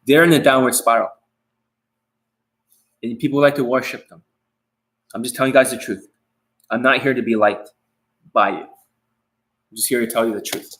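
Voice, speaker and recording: A man's voice: mid-range voice, steady tone, moderate pace, long pauses, fairly bright tone, rough recording. A man talking as a dating coach in a live-streamed coaching talk, blunt and profane, often repeating his key phrases. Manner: blunt and profane, speaking straight to viewers; repetitive, says key phrases again.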